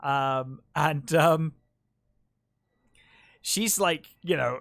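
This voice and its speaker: A man's voice: fairly high pitch, slow, fairly bright tone, no room sound. A man co-hosting a film podcast, casually retelling scenes and acting out the characters' lines. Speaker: podcast co-host.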